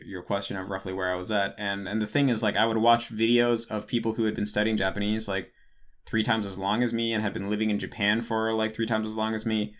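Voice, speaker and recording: A man's voice: lowish voice, fairly bright tone. A young man hosting a casual Q&A, talking in a rambling way and often correcting himself. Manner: rambling, self-correcting, many "like" fillers. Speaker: host answering patron questions. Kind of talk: casual Q&A monologue.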